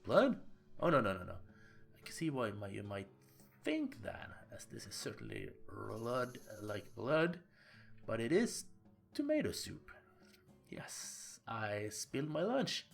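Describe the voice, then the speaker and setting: A man's voice: fairly low pitch, wildly swooping pitch, slow, gravelly, faint music behind, full character voice. A Swedish-speaking man voicing a creepy, grinning male innkeeper from a butcher family, with a lisp and a sinister, half-whispered manner. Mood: flustered denial.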